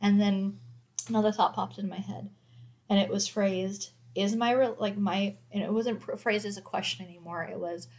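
A woman's voice: mid-range voice, flat delivery, moderate pace, a little mellow. A woman in her thirties, a mother of four, talking candidly and reflectively in a casual faith conversation, with many fillers.

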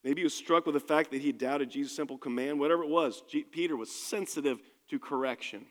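A man's voice: a little high, fast, in a large hall. A man preaching a sermon as pastor, speaking in an emphatic, conversational way to his congregation in a church.

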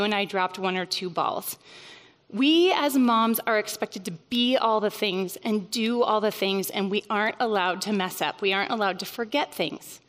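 A woman's voice: fairly high pitch, fairly bright tone. A woman in her thirties giving a casual teaching talk to a mothers' group, chatty and conversational, with many fillers and bursts of emphasis. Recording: long hall reverb.

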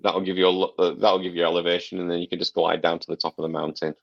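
A deep, gravelly man talks through a game at length on a casual gaming podcast, rambling and swearing freely. His voice sits very low and is recorded dry and dull, with little room sound. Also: completely flat delivery, rapid-fire, no room sound. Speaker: podcast co-host reviewing a game.

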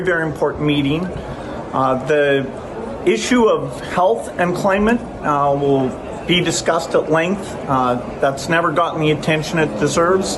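A man giving a halting recorded statement at a conference, with frequent filler pauses. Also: a little high. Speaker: speaker at a conference. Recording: noisy archive clip.

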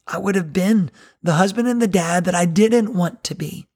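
Middle-aged guy preaching, earnest and chatty, slightly breathy tone. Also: high voice, normal speed, darkish tone. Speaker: pastor. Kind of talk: sermon.

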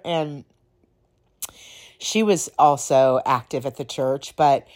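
A woman with a low, deep voice tells stories slowly and casually on her podcast. She rambles a little and sounds slightly hoarse. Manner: rambling, laughs while telling stories. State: slightly hoarse, clearing throat. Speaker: podcast host. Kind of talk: casual storytelling.

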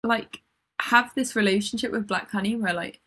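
A woman with a breathy, slightly raspy voice talks loosely about songs she loves, often trailing off and restarting. Her speech is relaxed and chatty, and she laughs easily. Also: mid-range voice, normal speed. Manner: rambling, self-interrupting, laughs often. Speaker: podcast co-host. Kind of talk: casual chat about music.

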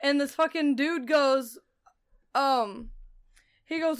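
A woman's voice: high voice, slow pace. A woman co-hosting a podcast, recapping a TV show in casual chat, laughing often and swearing freely. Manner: laughing, profane, animated retelling. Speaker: podcast co-host.

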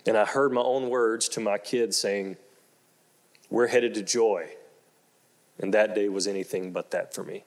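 Delivering a sermon, this middle-aged pastor begins with slow, low-voiced storytelling and rises to loud, excited outbursts, repeating his phrases to drive points home.

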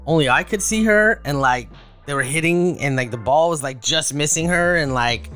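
A man in casual podcast chat, recounting a dream in a relaxed, hesitant way and swearing casually. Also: a little high, moderate pace, clear, resonant tone, soft background music.

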